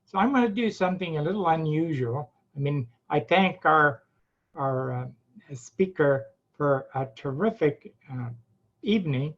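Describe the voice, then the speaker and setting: A man with a Devon accent, somewhat high-voiced, gives closing remarks as club president. He speaks haltingly, with lots of fillers and restarts, and the video call audio sounds dull and lo-fi. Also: lively intonation. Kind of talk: closing remarks at an online meeting.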